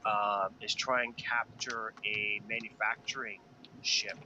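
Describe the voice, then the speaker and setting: A man, a pilot, chatting casually about a space game in a relaxed, rambling way, thinking aloud with fillers. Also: lowish voice, takes it slowly, muffled recording. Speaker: pilot and gaming video co-host. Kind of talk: casual gaming chat. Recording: noisy background.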